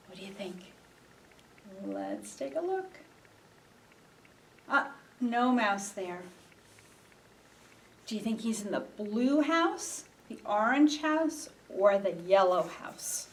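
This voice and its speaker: This storytime read-aloud comes from a woman librarian with a medium-pitched, very animated voice who speaks slowly and pauses often. She reads to children in a sing-song way, stopping to put questions to them. The audio is poor, captured on a distant mic.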